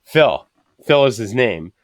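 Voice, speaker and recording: A man tells rambling stories full of swearing. His voice sits in a middling pitch. The sound is close and dry, with no room echo. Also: very animated, takes it slowly. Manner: loose, profane, rambling storytelling. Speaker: podcast guest. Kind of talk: casual storytelling chat.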